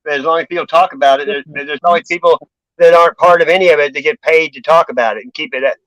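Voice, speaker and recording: A man's voice: fairly high pitch, fairly even intonation, quick pace, a bit bright, no room sound, poor audio. A man in a casual group chat who talks bluntly and keeps asking "you know what I mean".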